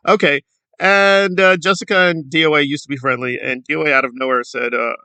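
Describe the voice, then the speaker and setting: A man's voice: on the high side, a little fast, sharp tone, no echo. A man giving a sarcastic, critical commentary in a casual vlog. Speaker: YouTube commentator.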